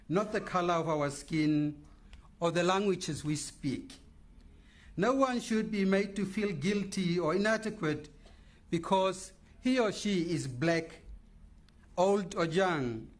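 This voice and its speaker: A man delivering a formal eulogy speech in a measured, oratorical manner. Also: high-pitched. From Namibia. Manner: measured, oratorical, lists words with pauses. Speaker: memorial speaker.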